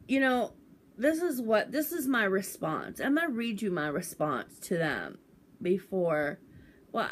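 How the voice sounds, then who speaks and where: Slow-talking woman ranting on her vlog. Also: mid-range voice, slight background noise. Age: 40s. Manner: indignant, chatty, many fillers. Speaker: vlogger.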